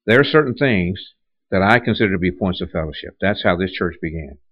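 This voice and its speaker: A man's voice: deep voice, animated, a little fast, highs cut off. A man preaching a sermon in a conversational way, with rhetorical questions and many restarts. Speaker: pastor.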